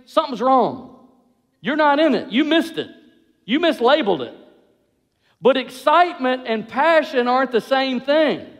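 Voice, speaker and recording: A man preaching a sermon, animated, acting out the voices of couples as he goes. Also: extremely high pitch. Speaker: pastor. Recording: long hall reverb.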